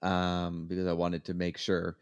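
A man's voice: low-pitched, completely flat delivery, measured pace, clear, resonant tone, muffled recording. A man co-hosting a podcast in casual chat, playful and hesitant, with many ums and restarts. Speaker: podcast co-host telling dad jokes.

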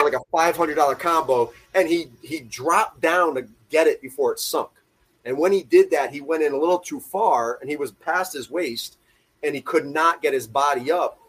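A husky, slightly high-voiced man spinning a fishing yarn in relaxed podcast chat. He talks in an animated, profane way, stumbling over his words and breaking into laughter. The feel is loose and conversational. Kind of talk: casual storytelling.

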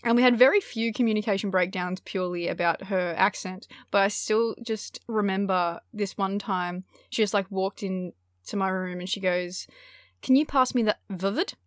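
A woman's voice: mid-range voice, fairly even intonation, normal speed, no room sound. Wry Australian woman co-host, dry sound. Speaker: podcast co-host. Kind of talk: casual podcast chat.

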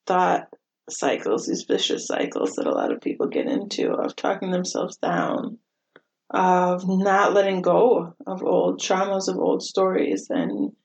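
A woman's voice: mid-range voice, a little mellow. A middle-aged woman hosting a podcast, talking casually in a chatty, self-deprecating way and laughing often. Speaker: podcast host. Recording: slightly dull lo-fi audio.

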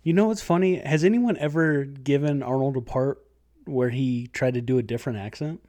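A man in casual podcast chat about a movie, sarcastic and quick with jokes. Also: medium pitch, mellow.

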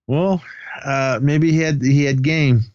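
A man's voice: mid-range voice, fairly even intonation, slow, a little mellow, no echo, dull audio. A man co-hosting a podcast, recapping a film in casual chat, acting out lines loosely and laughing often. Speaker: podcast co-host.

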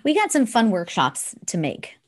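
A woman co-hosting a podcast, chatting in a gentle, encouraging way about spirituality and reading a quote aloud. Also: mid-range voice, huge pitch swings, moderate pace. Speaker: podcast co-host. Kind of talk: casual spiritual chat.

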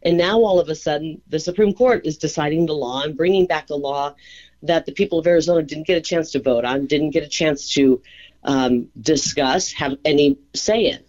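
A woman's voice: low voice, a little mellow. A woman calling in to a radio interview as a political candidate, explaining her position fluently and carefully. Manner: fluent, measured explanation with restarts. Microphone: telephone. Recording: dull phone-line sound.

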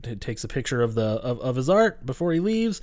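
A man's voice: mid-range voice, very animated, a little mellow, no echo. A man in casual podcast chat, retelling a film scene by scene with plenty of profanity and tangents. His voice sits in an ordinary middle register and slips into goofy impressions of the characters. The mic is close and dry. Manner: profane, rambling, laughs and puts on quick character voices. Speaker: podcast co-host. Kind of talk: casual movie recap chat.

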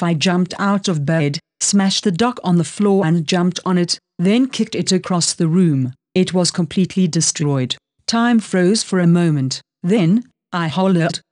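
Low-voiced woman reading an audiobook. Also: unhurried, few pauses, darkish tone, no room sound, clean studio sound. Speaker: audiobook narrator. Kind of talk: first-person audiobook narration.

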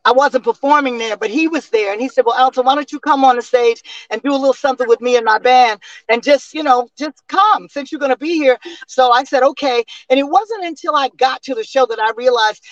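A woman in her sixties, a singer and interview guest, telling stories in a lively way with laughs and restarts over a remote call. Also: sits high, brisk, hardly any pauses, no echo, highs cut off. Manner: animated storyteller with frequent laughs and restarts. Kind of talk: casual interview storytelling.

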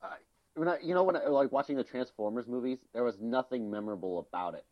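A fast-talking man with a medium-pitched voice co-hosts a podcast, rambling through casual chat full of fillers, restarts and swearing. The lo-fi recording sounds slightly dull.

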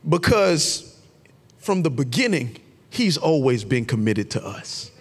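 A man preaching a sermon as a pastor, building to shouted emphasis and sometimes singing out his phrases. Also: mid-range voice, sing-song, slow, husky. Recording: long reverb of a large hall.

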